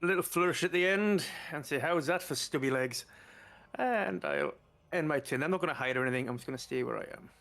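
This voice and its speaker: A man's voice: a little high, fast talker, vocal fry, a bit bright. A man playing a tabletop game, eager and hopeful about his rolls. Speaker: player. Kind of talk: casual tabletop game play.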